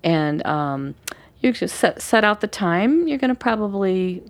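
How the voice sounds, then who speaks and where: A woman coach calmly explaining her practice in a thoughtful, unhurried conversational way. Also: medium pitch. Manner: gentle, thoughtful, unhurried with frequent fillers. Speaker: forgiveness coach and workshop leader.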